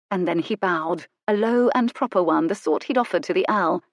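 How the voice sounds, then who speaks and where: A woman narrating a romance audiobook in a measured, wry storytelling manner. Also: fairly low pitch, no room sound, studio quality. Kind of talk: scripted narration.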